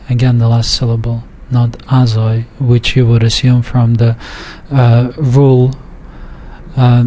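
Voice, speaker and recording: A man teaching a recorded language lesson, reading example words aloud and explaining the rules deliberately. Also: medium pitch, a little mellow.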